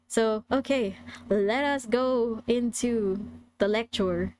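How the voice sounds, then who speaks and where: A woman's voice: medium pitch, slow pace, darkish tone, a little hiss or hum. A young woman from the Philippines, giving a casual, hesitant talk on a stream. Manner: chatty, hesitant, many fillers and restarts.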